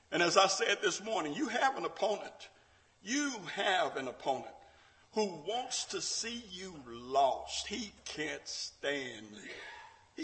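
A man preaching a Bible class sermon, dramatic, acting out quotes and swinging from shouts down to low, quiet lines. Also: low-quality recording.

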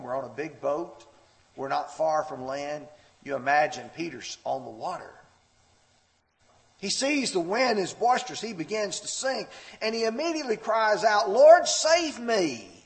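Animated preacher man, lively pitch. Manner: expressive, swings pitch high when quoting scripture; storytelling with a personal anecdote. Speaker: pastor. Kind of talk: sermon.

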